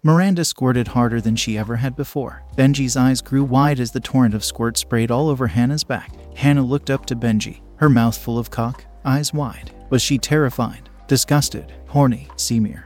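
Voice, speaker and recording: A man reads an erotic story aloud in a steady, unhurried way. His voice sits at an ordinary middle pitch. Soft music plays quietly beneath him. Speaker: narrator. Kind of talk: scripted erotic story narration.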